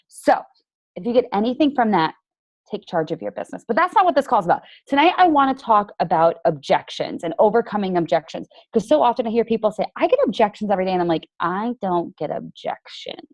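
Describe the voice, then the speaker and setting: A woman coach leads a motivational team training call in a mid-pitched voice. She is chatty and emphatic, leans on "like" as a filler, and has a sarcastic edge. The sound is dry, with no room echo. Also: lively intonation, quick pace, a little mellow, dull audio.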